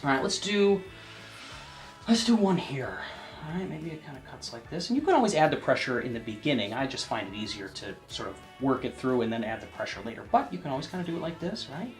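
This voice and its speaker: A man giving a casual painting lesson, chatting to the viewer and often checking in, sometimes dropping to a soft near-whisper as he works. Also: mid-range voice, very animated, fairly quick, soft background music. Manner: drops to a soft near-whisper while working. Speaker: painting instructor.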